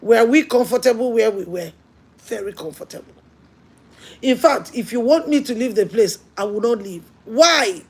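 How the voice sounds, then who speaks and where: Gravelly husky woman preaching. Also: fairly high pitch, expressive, moderate pace. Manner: earnest storytelling preacher, swings between hushed and emphatic. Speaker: pastor. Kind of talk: sermon.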